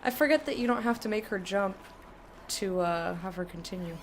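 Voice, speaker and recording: A woman's voice: mid-range voice, expressive, moderate pace, a little hiss or hum. A woman giving casual live commentary while playing a video game, chatty and reactive, often laughing and talking to her chat.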